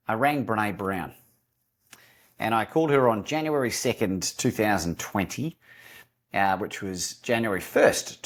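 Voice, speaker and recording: An Australian man, a podcast guest and courage coach, telling lively stories in an interview and acting out the phone calls he recounts. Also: fairly low pitch, husky. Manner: animated storyteller, acts out phone calls. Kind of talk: storytelling interview talk.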